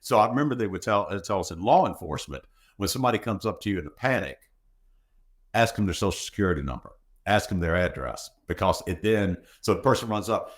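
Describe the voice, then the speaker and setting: A man's voice: lowish voice, expressive, fast talker. A man hosting an interview show, asking rambling questions and telling stories in a conversational way. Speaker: host. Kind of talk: casual interview talk.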